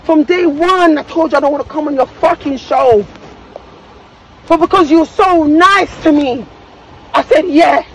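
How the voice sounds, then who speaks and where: A woman in a heated argument in a car, angry, upset and near tears, shouting, swearing and talking over everyone. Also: sits high, normal speed, slight background noise, poor audio. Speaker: guest on a reality show. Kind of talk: heated confrontation.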